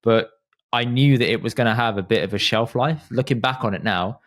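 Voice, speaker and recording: A man co-hosting a podcast, chatting in a relaxed, reflective way. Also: medium pitch, brisk. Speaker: podcast co-host. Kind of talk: casual chat.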